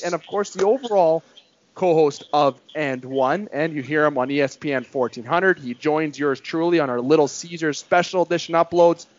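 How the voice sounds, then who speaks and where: A man's voice: lo-fi sound, slight background noise. Hyped sports podcast host guy. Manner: hyped, promotional delivery with big pitch jumps. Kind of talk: sports talk show hosting.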